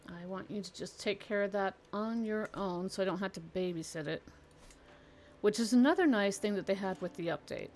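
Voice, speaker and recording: A woman's voice: medium pitch, normal speed, darkish tone, a little hiss or hum. A woman streamer playing a strategy game live, chatting playfully and reading the event text aloud. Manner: chatty and playful, bursts of laughter, reads in-game text in an exaggerated tone.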